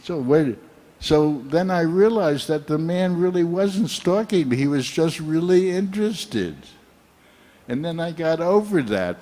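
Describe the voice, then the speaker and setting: A man in his seventies from the United States, giving a slow, earnest and heartfelt sermon full of personal anecdotes. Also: on the high side, expressive, mellow. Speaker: guest speaker at a temple program.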